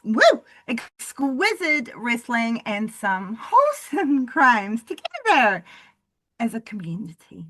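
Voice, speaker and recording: A woman hosting a solo wrestling review podcast, excitable and profane, swinging from loud bursts to low mutters, her voice going hoarse. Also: takes it slowly, no echo. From Southern Hemisphere. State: losing her voice. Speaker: podcast host.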